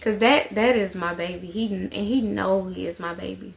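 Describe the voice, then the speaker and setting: A woman's voice: mid-range voice, steady tone, moderate pace, creaky. A woman, telling a story to the camera in a chatty way and repeating phrases for emphasis. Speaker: vlogger, mother of four.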